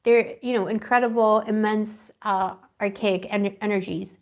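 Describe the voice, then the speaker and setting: A woman's voice: medium pitch, steady tone, normal speed. Rambling, affectionate woman reading tarot. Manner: rambling and affectionate, calls viewers pet names; dreamy, searching for words. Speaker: tarot reader. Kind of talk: live-streamed tarot reading.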